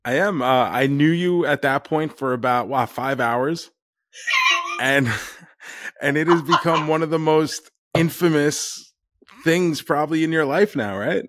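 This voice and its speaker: A man telling a story in casual chat as a podcast guest, deadpan and often laughing. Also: fairly high pitch, unhurried.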